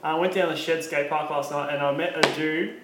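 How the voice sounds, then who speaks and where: A man's voice: fairly high pitch, steady tone, brisk. A young man co-hosting a casual podcast, rambling through stories in a laid-back way. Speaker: podcast co-host. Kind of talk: casual chat. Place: room in a house, echoey. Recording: echoey room, faint hiss.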